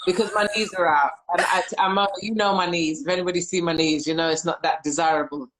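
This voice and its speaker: A woman's voice: on the low side, fairly even intonation, fast talker, fairly bright tone. A woman hosting a live discussion, telling reflective stories and reading viewer comments aloud over a video call. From United Kingdom. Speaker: host. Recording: roomy echo.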